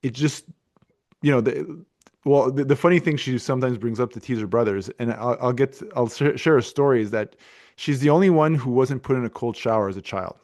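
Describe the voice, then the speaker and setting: A man's voice: mid-range voice, a little fast, a little mellow. A middle-aged man hosting a podcast, telling a long story in a casual, rambling way full of restarts and fillers. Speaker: podcast host.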